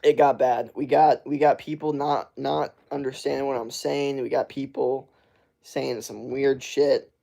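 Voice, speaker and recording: Young guy streaming, kinda gravelly voice, swearing a lot, just reading chat and riffing. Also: mid-range voice, steady tone, unhurried, warm tone. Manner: loose, swearing, riffs on chat messages. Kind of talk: casual live-stream chat reading comments.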